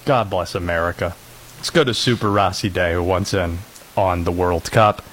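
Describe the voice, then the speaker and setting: A man's voice: low-pitched, moderate pace, a bit bright, slight background noise, poor audio. A man hosting a sports talk show, joking and playful in casual chat. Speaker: radio show host.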